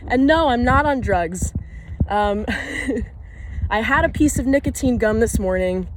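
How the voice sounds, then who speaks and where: A woman's voice: on the high side, animated, measured pace, a little hiss or hum, low-quality recording. A young woman talking to camera outdoors on a walk in the woods. She rambles from thought to thought, laughs often and swears casually. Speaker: vlogger. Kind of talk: rambling spoken musing.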